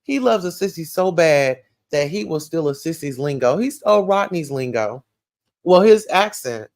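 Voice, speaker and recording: A woman from Atlanta with a Southern accent, hosting a livestream, reading comments and dishing gossip in a sassy, animated way. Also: low voice, moderate pace. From Atlanta, USA. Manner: sassy, animated, calls listeners child and baby.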